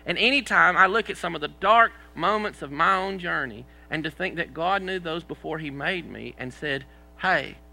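A man's voice: on the high side, vocal fry, bright, forceful tone, low-quality recording. A man preaching a sermon in a church, in a conversational way that asks the congregation questions and pokes fun at himself. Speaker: pastor.

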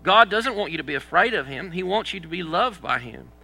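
A man's voice: sits high, lively intonation, brisk, creaky, bright, forceful tone, low-quality recording. A man preaching a sermon in a church, in a conversational way that asks the congregation questions and pokes fun at himself. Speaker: pastor.

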